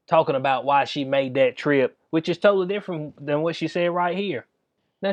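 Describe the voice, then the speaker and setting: A man's voice: sits high, no room sound. A man hosting his own channel, giving heated, informal commentary with lots of slang, emphatic outbursts and frequent laughs. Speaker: channel host.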